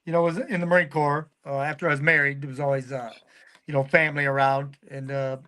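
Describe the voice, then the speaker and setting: Hesitant male veteran, slightly higher voice. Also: level tone, fast talker, bright, forceful tone. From California. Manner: hesitant, many fillers. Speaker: guest, Marine veteran. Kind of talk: casual chat.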